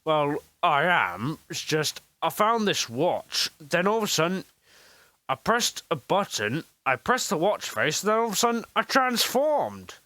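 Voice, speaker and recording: Someone doing a breathless eager kid hero, jumpy pitch, dry. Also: female voice, very animated, measured pace, bright, forceful tone, no room sound, full character voice. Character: eager excitable young boy hero. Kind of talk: homemade storybook voice acting.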